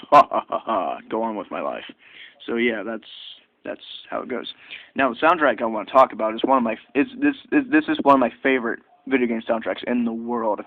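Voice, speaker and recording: A man reviewing an old video game in a chatty, excitable, rambling way. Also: medium pitch, no room sound. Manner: chatty and excitable, lots of fillers and restarts. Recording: tinny phone-like dry recording.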